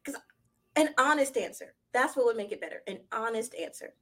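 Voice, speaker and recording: A young woman co-hosting a podcast, chatting casually about celebrity gossip in an animated, slangy way and laughing often. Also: on the high side, fairly quick. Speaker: podcast co-host.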